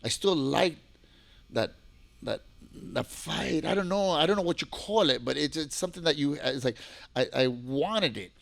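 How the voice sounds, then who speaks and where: A man in his forties from New York, a guest telling stories in a lively, profane, casual way. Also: fairly high pitch, normal speed, creaky. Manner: animated, profane, acts out quoted voices. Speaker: podcast guest, former fighter. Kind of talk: casual storytelling.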